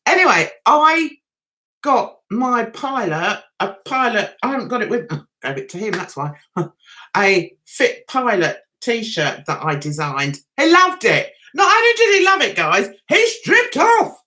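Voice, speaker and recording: A woman's voice: fairly high pitch, big pitch swings, unhurried, sharp tone. A middle-aged woman hosting a casual livestream, telling a story in a chatty way and laughing often. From England. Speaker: livestream host.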